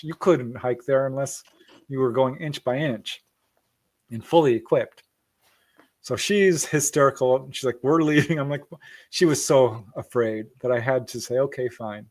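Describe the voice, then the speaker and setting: A man's voice: medium pitch, unhurried. A middle-aged man telling a story as a podcast guest, acting out quoted voices and laughing often. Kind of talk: casual storytelling interview.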